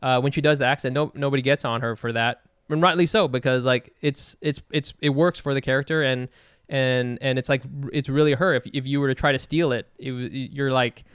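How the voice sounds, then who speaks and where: A man hosting a podcast, talking in an animated, rambling way full of "like" and "you know". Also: mid-range voice, fairly quick, clear, resonant tone, no echo, studio quality. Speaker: podcast host. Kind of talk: casual podcast chat.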